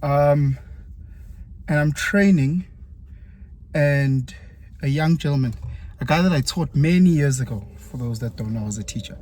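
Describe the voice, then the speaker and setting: In his vlog, a South African man from KwaZulu-Natal who used to teach recounts a personal story with energy, jumping higher in pitch as he acts out others. He speaks at a measured pace with long pauses.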